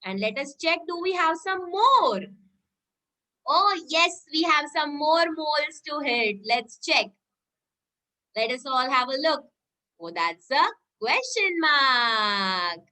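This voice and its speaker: A woman teacher leads young children through a lesson in a high, bright voice. Her pitch swoops up and down in a sing-song way. She keeps an unhurried pace and cheers the children on. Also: lively intonation. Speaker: kindergarten teacher.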